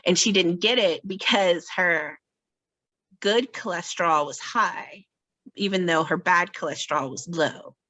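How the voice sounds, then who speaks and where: A woman with a fairly low voice chats on a podcast, self-mocking and quick to laugh. The sound is close and dry, with no room around it. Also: sharp tone, no room sound, highs cut off. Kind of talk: casual chat. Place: podcast recording.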